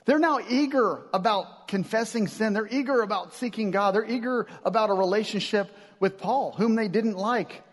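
A man's voice: sits high, normal speed, few pauses. A man preaching a sermon as pastor, in a casual, conversational way with slang and acted-out asides. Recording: long hall reverb.

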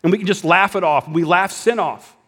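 A man's voice: high voice, fairly quick, fairly bright tone, breathy edge. Man preaching a sermon in a hall. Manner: conversational preaching with dramatic drops to a whisper. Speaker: pastor.

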